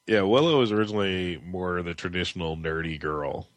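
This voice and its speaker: A man's voice: sits low, brisk, no echo. A man co-hosting a casual chat about TV and comics, enthusiastic and laughing as he talks. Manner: enthusiastic, laughs while talking. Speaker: podcast co-host.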